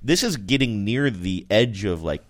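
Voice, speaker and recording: A man's voice: on the low side, lively intonation, normal speed. A man co-hosting a podcast, telling a rambling, self-deprecating story in casual chat. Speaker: podcast co-host.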